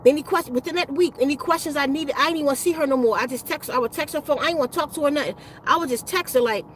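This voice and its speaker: High-voiced woman telling a rambling story. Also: racing, hardly any pauses, a little hiss or hum, poor audio. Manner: rambling, profane, emphatic. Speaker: spiritual healer and channel host. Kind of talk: casual livestream storytelling.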